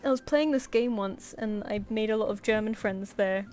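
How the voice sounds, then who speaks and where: A woman talks loosely while she draws at home, wandering from one thought to the next and muttering half to herself. Her voice sits at an ordinary middle pitch, with soft music playing faintly behind her. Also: moderate pace. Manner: rambling, chatty, mutters to herself. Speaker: artist livestreamer. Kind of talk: casual chat while drawing. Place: home room.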